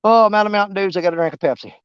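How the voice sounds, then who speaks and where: A high-pitched man rambles folksily to his viewers while he fishes outdoors. His voice is smooth and clear, and he sounds winded. The sound is dry and a bit dull. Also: very fast, no room sound. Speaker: fishing vlogger. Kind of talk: live-stream fishing chat. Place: outdoors at a riverbank.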